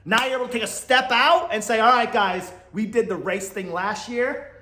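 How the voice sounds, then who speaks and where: Man, blunt casual commentary, high voice, echoey room. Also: normal speed, sharp tone. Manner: blunt, exasperated, laughs often. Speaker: podcast host.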